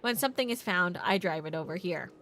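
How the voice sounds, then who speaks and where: A woman voicing a formal, rambling small-town tourism officer in a video game, speaking slowly and low. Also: expressive, sharp tone. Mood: pompous. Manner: formal, slow and long-winded.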